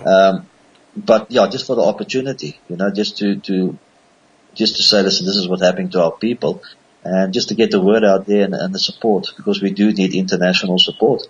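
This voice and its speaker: Guy, deep and husky, lots of ums, muffled lo-fi line. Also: steady tone. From South Africa. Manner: hesitant, many filler pauses. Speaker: guest on a radio interview. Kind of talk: talk radio interview.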